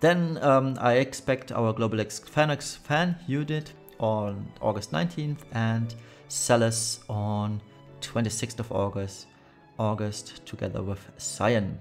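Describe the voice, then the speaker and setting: A man's voice: medium pitch, slow, soft background music. A man hosting a gaming channel, giving blunt, critical commentary full of fillers, his voice a little worn. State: voice wearing thin. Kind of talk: casual commentary on a mobile game.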